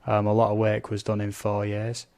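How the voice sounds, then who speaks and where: A man's voice: fairly low pitch, monotone, normal speed, mellow, smooth. Chatty man streaming a game. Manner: chatty, reads out viewer comments, blurts game sound effects. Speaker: gaming live streamer. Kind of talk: casual live-stream gameplay commentary.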